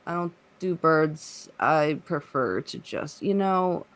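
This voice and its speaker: A man's voice: fairly high pitch, slow, a bit bright. A man voicing a nervous adventurer who fears birds, stammering and jittery. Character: nervous, bird-fearing male adventurer.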